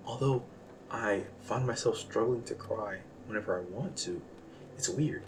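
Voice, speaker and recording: A young man talking in a casual, rambling monologue that is self-deprecating and jumps from quiet musing to loud outbursts. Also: mid-range voice, moderate pace, distant mic, noisy background. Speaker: vlogger. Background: background music.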